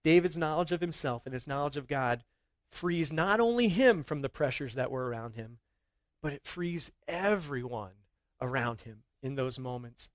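A middle-aged man preaching a sermon in a church, earnest and rising to excited emphasis at times. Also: mid-range voice, moderate pace, dry recording. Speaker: pastor.

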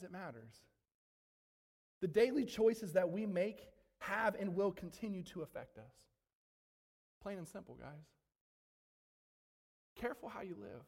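A man preaching a sermon to his congregation, animated, with frequent asides to the room. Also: high voice, long reverb tail. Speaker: pastor. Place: church sanctuary.

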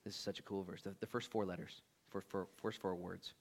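A male pastor preaching a sermon in a church with energetic, casual and slangy talk. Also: low-pitched, fairly quick.

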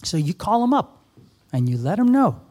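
A man's voice: sits high, sing-song, moderate pace, mellow. A man in his fifties giving an earnest sermon to a church congregation, exhorting the audience directly. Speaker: guest speaker. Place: church service with a live audience.

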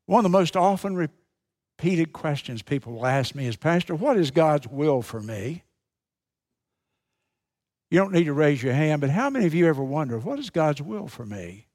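A male pastor preaching a sermon with emphatic, dramatic pauses, repeating key phrases for effect. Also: on the high side, darkish tone.

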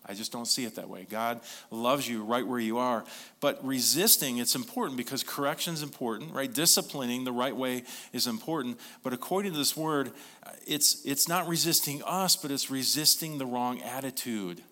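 Bright-voiced male pastor preaching. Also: mid-range voice, moderate pace. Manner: earnest, conversational preaching with repeated phrases. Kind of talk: sermon.

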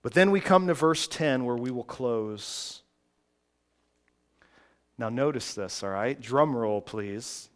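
Slow, emphatic male preacher. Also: mid-range voice. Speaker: pastor. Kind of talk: sermon.

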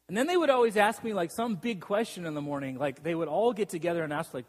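A man's voice: sits high, animated, fast. A man preaching a sermon as a pastor, telling stories with self-deprecating humor and frequent laughs. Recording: long reverb of a large hall.

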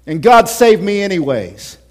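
A man preaching a sermon as pastor, impassioned, swinging between loud, emphatic lines and hushed whispers. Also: high-pitched, very animated, measured pace. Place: church.

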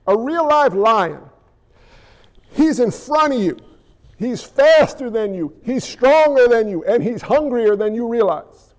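A man preaching a sermon dramatically, firing rhetorical questions at the congregation and swinging between forceful declarations and hushed asides. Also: extremely high pitch. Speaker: pastor.

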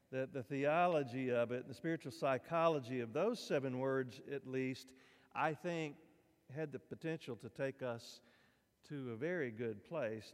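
A man preaches to his congregation in a relaxed, folksy, conversational way, often turning to the listeners with asides. His voice sits at an ordinary middle pitch. The sound carries the long reverb of a church sanctuary. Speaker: pastor. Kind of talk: sermon.

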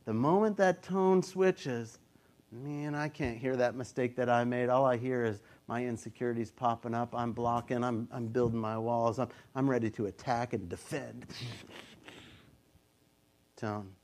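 A man's voice: medium pitch, steady tone, normal speed, darkish tone. A man in his fifties, a pastor, preaching a sermon in a casual, conversational way, sometimes acting out the voices he quotes.

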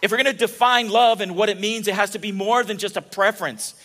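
A man's voice: high-pitched, fast talker, bright, forceful tone. A man preaching a casual, joking sermon, telling stories and often restarting his sentences. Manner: chatty and joking, with many restarts. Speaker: pastor.

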